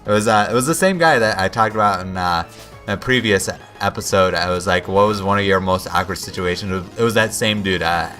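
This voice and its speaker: Low-voiced and fairly quick with a sharp tone, a young gameplay commentator tells a wandering story as faint music plays. His sentences often stop and restart, and he quotes himself.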